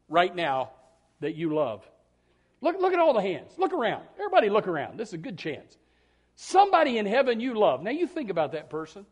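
A middle-aged male pastor preaching a sermon with emphatic swings in loudness, often repeating and restarting his words. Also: very high-pitched.

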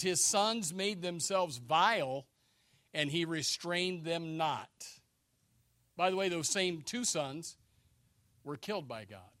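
Forceful preacher man, loud to hushed. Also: dry recording. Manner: swings from low quiet asides to loud shouted exhortation. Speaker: pastor. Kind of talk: sermon.

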